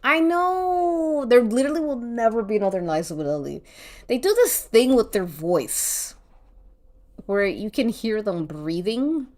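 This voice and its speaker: A woman's voice: mid-range voice, sing-song, moderate pace, dark tone. A woman streaming while she draws, chatting casually, rambling and thinking aloud, with casual swearing. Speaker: art streamer.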